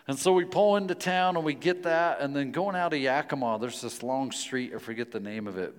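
A man preaching a sermon, telling stories in a lively, playful way and turning earnest and quiet in prayer. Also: medium pitch, a little fast, few pauses, in a large hall. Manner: storytelling, playful, then hushed and earnest in prayer. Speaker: pastor.

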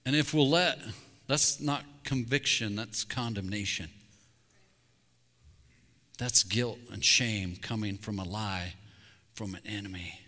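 Bright-voiced man preaching in a reverberant sanctuary. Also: mid-range voice, measured pace, long pauses. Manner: candid, intense preaching with confessional asides, dropping to a hush on key words. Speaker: pastor. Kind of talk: sermon. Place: church sanctuary. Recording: long hall reverb.

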